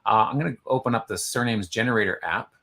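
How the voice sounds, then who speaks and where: A man's voice: lowish voice, fast talker, vocal fry, pushed and bright. A man co-hosting a casual online show, chatting in a rambling way as he reads out entries and trips over names. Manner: chatty, stumbles over names while reading. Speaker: co-host. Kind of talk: casual chat.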